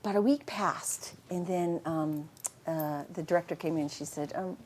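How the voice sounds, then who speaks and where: A middle-aged woman, a voice actress, telling casual anecdotes in an animated way and laughing often. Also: sits low, normal speed, a little hiss or hum. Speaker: voice actress and interview guest.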